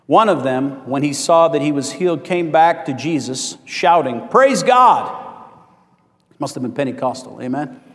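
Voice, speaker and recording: A man's voice: a little high, long reverb tail. A male pastor preaching a sermon in a folksy way, asking for amens from the congregation.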